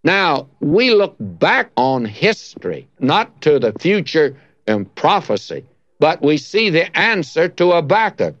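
A man preaching a sermon, reading verses slowly and leaning on key words. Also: on the high side, big pitch swings, fairly bright tone, no room sound. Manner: slow, deliberate, stresses key words. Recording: dull lo-fi dry recording.

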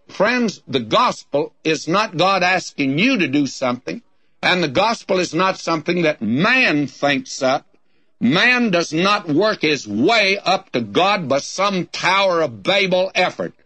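A man's voice: fairly high pitch, pushed and bright, dry recording. A man giving a Bible study sermon in a folksy way, calling listeners his friends and reading scripture in old-fashioned wording. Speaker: Bible teacher.

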